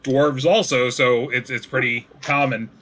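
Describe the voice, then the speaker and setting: Bright-voiced man running a tabletop game. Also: mid-range voice, fairly even intonation, measured pace, a little hiss or hum. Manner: casual, rambling descriptions. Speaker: game master.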